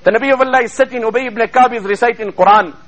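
A man's voice: extremely high pitch, very fast, a bit bright, poor audio. A man preaching a sermon in a mosque, fervently chanting Arabic verses between English passages, heard over a radio broadcast.

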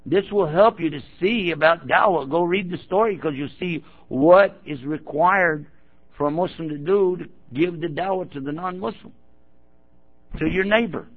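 In a slightly high, somewhat rough voice at normal speed, a Muslim preacher tells a story to an audience. He acts out its quoted speakers and now and then addresses and prods the listeners directly. The audio is tinny, like a phone recording.

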